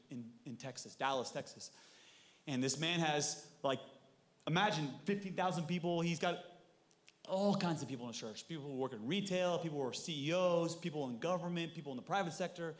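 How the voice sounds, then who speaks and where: A man preaching a sermon, animated, swinging from loud emphasis to soft asides, with jokes for the congregation. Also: mid-range voice. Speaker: pastor.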